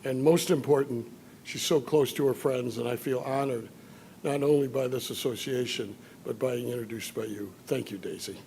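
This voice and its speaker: An older man from Chicago giving an after-dinner speech, telling anecdotes with dry humor and filler pauses. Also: mid-range voice, vocal fry, noisy background. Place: banquet hall at a dinner event.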